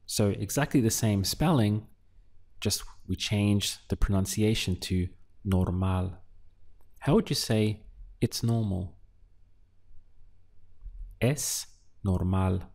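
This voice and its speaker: A man teaching a beginner language lesson, drilling words syllable by syllable with patient pauses. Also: lowish voice, animated, vocal fry, a little mellow. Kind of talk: slow, deliberate language lesson.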